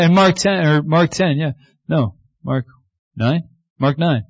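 Animated preaching man, slightly muffled. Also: medium pitch, normal speed, no room sound. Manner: animated preaching, acts out voices from the stories. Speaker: pastor. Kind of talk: sermon.

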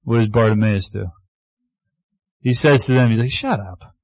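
A man preaching a sermon as pastor, animated, acting out voices from the stories he tells. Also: medium pitch, moderate pace, no room sound, muffled recording.

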